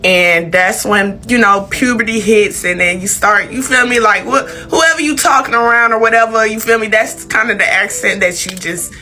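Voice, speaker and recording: Bright-voiced Southern woman, candid. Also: mid-range voice, moderate pace, few pauses. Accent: Southern US country. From Georgia, US. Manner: candid, profane, drawling. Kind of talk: casual storytelling to camera.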